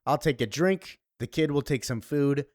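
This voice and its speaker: A man reading the lines of a calm young superheroine from a comic. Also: mid-range voice, normal speed, no room sound, studio quality, voice pushed up, natural voice.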